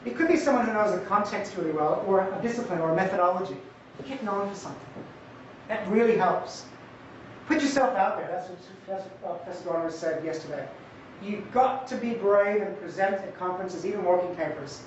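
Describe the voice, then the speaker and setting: A man giving an academic conference talk in a conversational, lively way with jokey asides. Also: sits high, a little fast, slight background noise. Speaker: conference presenter. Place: lecture hall. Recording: echoey hall, distant mic, dull sound.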